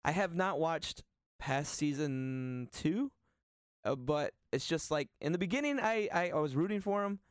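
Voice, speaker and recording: A man in casual podcast conversation, rambling and animated with plenty of swearing. His voice sits a little high, and the recording is close and dry with no room sound. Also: a little slow, smooth, no echo. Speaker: podcast co-host. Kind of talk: casual chat.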